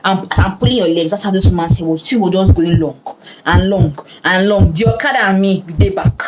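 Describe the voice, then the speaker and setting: A young Nigerian woman vlogger telling a story in a casual, animated way, laughing often and slipping into Pidgin. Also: mid-range voice, brisk, background noise.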